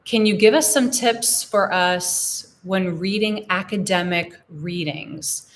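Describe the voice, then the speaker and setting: A young American woman teaching English in a live Q&A, explaining phrases slowly and repeating examples. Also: medium pitch. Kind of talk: live-stream Q&A lesson.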